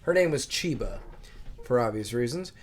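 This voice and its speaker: A man's voice: medium pitch, animated, normal speed. A man co-hosting a podcast in casual, teasing banter. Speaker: podcast co-host. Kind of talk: casual chat.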